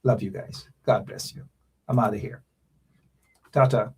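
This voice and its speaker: A man's voice: on the low side, fairly even intonation, a little slow, heavy background noise. Man preaching to his viewers. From Guyana. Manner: preachy, repeats phrases, addresses viewers directly. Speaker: show host. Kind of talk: casual live-stream sign-off.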